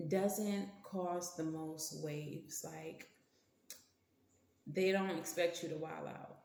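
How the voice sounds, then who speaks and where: A woman's voice: fairly low pitch, creaky, a little hiss or hum. A woman giving a casual tarot reading, blunt and slangy, cursing freely and talking to her cards. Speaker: tarot reader. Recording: roomy echo.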